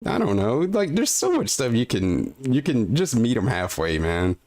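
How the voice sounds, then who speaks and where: A man's voice: mid-range voice, wildly swooping pitch, normal speed, a little mellow. A man streaming, reacting to a video with incredulous, ranting commentary and casual swearing.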